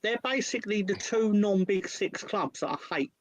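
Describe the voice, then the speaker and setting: A man's voice: high voice, moderate pace, no room sound, poor audio. A man giving football predictions in casual chat, hesitant and blunt, with swearing. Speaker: co-host pundit.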